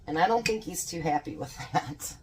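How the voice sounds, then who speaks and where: A woman's voice: sits low, lively intonation, moderate pace, background noise. A woman chatting folksily as she cooks in her home kitchen, laughing often. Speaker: home cooking vlogger. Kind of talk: casual cooking vlog chat.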